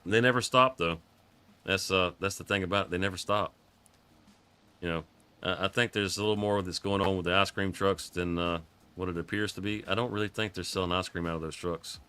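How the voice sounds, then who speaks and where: A man's voice: sits low, level tone, a little fast, bright, forceful tone, clear, resonant tone. A man giving casual, rambling live commentary on a farming game, chuckling often, his voice froggy from coughing.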